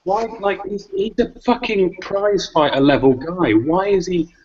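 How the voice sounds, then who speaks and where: A man from London hosting a live podcast, chatting fast and excitably and swearing freely. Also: high voice, husky. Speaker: podcast host. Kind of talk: casual live podcast chat about boxing. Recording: lo-fi dull audio.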